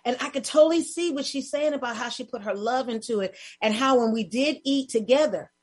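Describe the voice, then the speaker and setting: A woman's voice: fairly high pitch, brisk, darkish tone, breathy edge. A woman hosting an interview in casual chat, speaking emphatically and repeating words for stress. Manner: emphatic, repeats words to drive a point home. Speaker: host.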